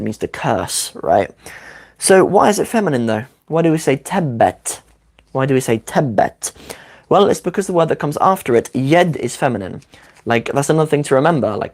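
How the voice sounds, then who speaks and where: Man, croaky voice from a cold, chatty and upbeat, live-streamed lesson, desk mic. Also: mid-range voice, a little mellow. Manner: chatty, upbeat, quick asides. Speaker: Arabic teacher. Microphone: desk microphone.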